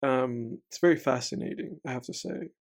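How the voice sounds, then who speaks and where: A man's voice: mid-range voice, moderate pace, vocal fry. A man co-hosting a casual movie commentary podcast, who rambles with lots of "like" and restarts. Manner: rambling, full of "like" and restarts, laughs easily. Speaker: podcast co-host.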